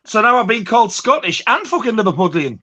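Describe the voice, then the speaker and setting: A man with a Teesside accent, cracking crude, profane, deadpan jokes in casual livestream chat. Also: high-pitched, fast. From Teesside, north of England.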